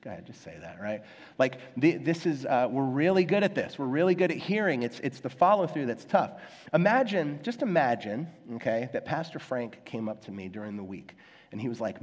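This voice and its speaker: A young adult man delivers a sermon in a church sanctuary, his mid-pitched voice carrying a long hall reverb. He talks to the congregation conversationally and pokes fun at himself. He often acts out the voices of people in his stories. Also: animated, a little fast. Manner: conversational and self-deprecating, acts out quoted voices. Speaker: pastor.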